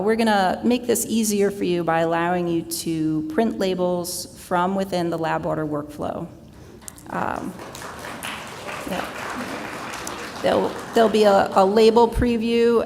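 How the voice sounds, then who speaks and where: Gravelly-voiced woman presenting in a hall. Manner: relaxed, with fillers. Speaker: conference presenter. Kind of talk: product update presentation. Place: large conference hall. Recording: reverberant hall with low rumble.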